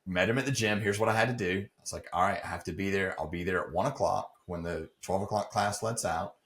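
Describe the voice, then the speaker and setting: Deep-voiced man telling a story. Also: fast talker, fairly bright tone. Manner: earnest, acts out quoted dialogue. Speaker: podcast guest. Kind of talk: emotional personal storytelling.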